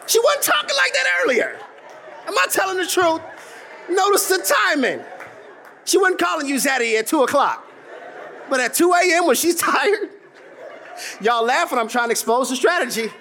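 A man preaching a sermon, mixing humor and mimicry with sudden shouts. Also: very high voice, animated, moderate pace, long pauses, some chatter behind, slight background noise. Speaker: pastor.

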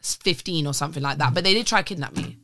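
Bright, fast-talking young woman storyteller. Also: low voice. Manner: swearing, animated storytelling with voiced quotes. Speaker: podcast guest. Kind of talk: casual storytelling.

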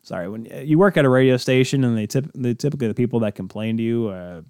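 A man's voice: mid-range voice, quick pace, darkish tone, no echo, clean studio sound. Rambling male sports talk host. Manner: rambling, self-correcting, joking asides. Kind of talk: casual solo sports talk.

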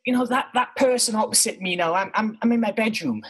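A man, co-host of a podcast, casually telling stories from his bedroom in an animated, self-mocking way, swearing freely. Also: high-pitched, quick pace, breathy edge, poor audio. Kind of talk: casual storytelling monologue.

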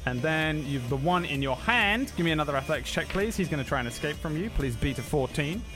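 A man's voice: on the high side, animated, fairly quick. A man narrating a tabletop game as game master, casual and chatty. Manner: casual, laughs often, filler words. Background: background music.

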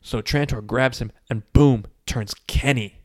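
A man's voice: mid-range voice, measured pace. A man casually retelling a movie plot, full of fillers, briefly putting on voices for characters. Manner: animated storytelling with many "like" fillers, acting out quotes. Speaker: podcast co-host recapping a movie. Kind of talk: casual chat.

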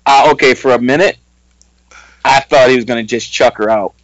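A man's voice: mid-range voice, moderate pace, no echo, lo-fi sound. A man co-hosting a podcast, chatting casually with wry, joking reactions. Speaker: podcast co-host. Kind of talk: casual chat.

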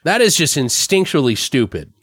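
A man's voice: a little high, normal speed, breathy edge, no echo, studio quality. A man casually recapping a movie, swearing and laughing often as he tells it. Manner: profane, laughs often, animated storytelling. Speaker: podcast host.

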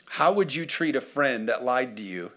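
A man's voice: mid-range voice, expressive, moderate pace, a bit bright. A man preaching a conversational sermon who keeps checking in with his congregation and asks for responses. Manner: conversational, calls for audience responses. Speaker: pastor.

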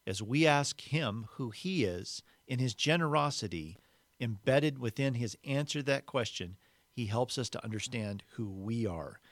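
A man's voice: mid-range voice, lively intonation, unhurried, dry recording. A man hosting a podcast, giving a devotional teaching in a reflective way and repeating key words for emphasis. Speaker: podcast host.

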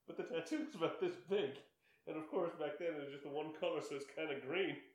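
A middle-aged man co-hosting a casual chat, telling a story with lots of laughter and animated delivery. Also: a little high, moderate pace. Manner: animated storyteller, laughs often, voices others in quotes. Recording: echoey room.

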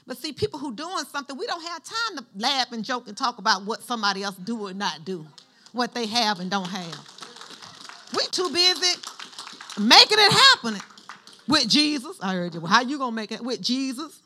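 A woman's voice: fairly high pitch, lively intonation, a little fast, bright, forceful tone. A woman pastor preaching a sermon in church, using call-and-response and having the congregation finish her lines.

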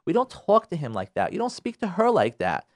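A man giving marriage advice on a radio talk show, his fairly high voice leaping up and down as he stresses each point. He repeats himself for emphasis, and the sound is close and dry. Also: huge pitch swings, a little fast, no room sound.

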